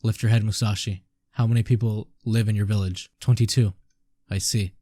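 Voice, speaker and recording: A stern older samurai lord gives brisk orders, read out by a man. The voice is low and mellow, recorded close and dry, from a comic read-aloud. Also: level tone, no room sound, natural voice. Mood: commanding.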